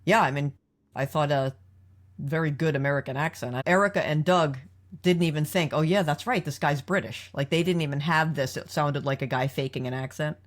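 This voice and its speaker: This podcast host has a low-pitched voice and talks a little fast. Relaxed yet analytical, she breaks down episodes and keeps the discussion moving by questioning her co-host.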